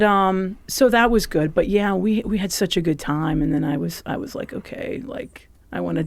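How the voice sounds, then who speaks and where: A woman's voice: lowish voice, gravelly, a little mellow, no echo. A woman comedian, chatting casually as a podcast guest and laughing easily.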